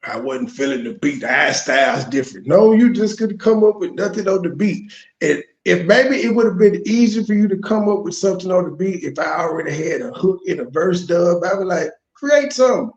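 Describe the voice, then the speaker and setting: Mocking high-voiced male commentator. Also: a little fast, a little mellow, roomy sound, highs cut off. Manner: profane, mocking. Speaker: commentary host. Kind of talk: reaction commentary.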